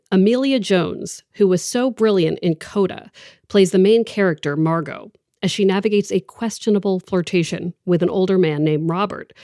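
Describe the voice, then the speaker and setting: A woman hosting a podcast in a chatty, enthusiastic way, often slipping into quoted asides. Her voice sits a little low and the recording is close and dry, with no room sound. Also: no room sound. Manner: chatty and enthusiastic, quoting people in lively asides. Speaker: podcast host. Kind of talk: conversational podcast interview.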